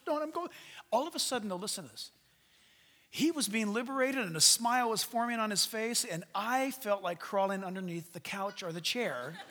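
A man preaches from a church stage in a high, bright voice, the words ringing out with a long reverb from the sanctuary. He tells stories with humor, dropping to hushed asides before rising into loud exhortation. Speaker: pastor. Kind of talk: sermon.

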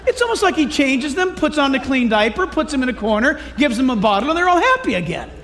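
A male pastor preaching a sermon verse by verse in a lively, humorous, conversational manner. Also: very high voice, fast, some chatter behind.

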